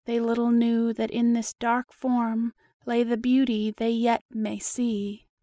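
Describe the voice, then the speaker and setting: A woman's voice: a little high, little pitch movement, warm tone, dry recording. A woman voicing a humble, lonely little male worm who pleads meekly for shelter in a storybook poem. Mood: pleading. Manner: meek, pleading, slow.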